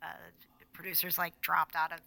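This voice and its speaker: A woman hosting a casual podcast chat, lively and quick to laugh, with lots of fillers. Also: on the low side, creaky. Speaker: podcast host.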